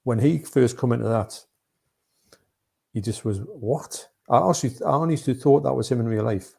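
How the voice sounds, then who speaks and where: A man's voice: mid-range voice, brisk, gravelly, darkish tone, husky. A man co-hosting a live movie chat, rambling and chatty, reading out viewer comments. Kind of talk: casual live-stream chat.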